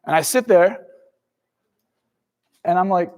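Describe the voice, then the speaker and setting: A man's voice: sits high, animated, measured pace, gravelly, long pauses, long reverb tail. A man giving a motivational talk, telling a personal story with animation and acting out his own past words. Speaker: motivational speaker.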